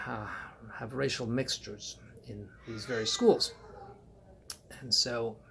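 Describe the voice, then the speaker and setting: A man speaks alone into the mic in a plain middle register, his voice roughened by a gravelly fry. His delivery is dry and wry, broken up by many halting ums and uhs as he works through his points. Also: mid-range voice, a bit bright, slight background noise. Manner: halting, frequent um and uh pauses. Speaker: political commentator. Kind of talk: solo spoken commentary.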